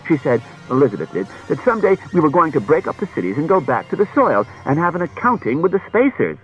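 A man's voice: on the high side, big pitch swings, fast talker, soft background music, pitched above the performer's own voice. A man reading an audiobook, voicing a chatty, anxious wife who tells stories in a rambling, roundabout way, on a dull lo-fi recording. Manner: rambling, circuitous storytelling.

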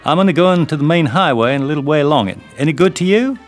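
An older English man voicing a young American airman from the South, with a deliberately English-tinged Southern accent, blunt and drawling. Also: a little high, animated, soft background music, pitched above the performer's own voice, close to an everyday voice. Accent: put-on American Southern, English-tinged.

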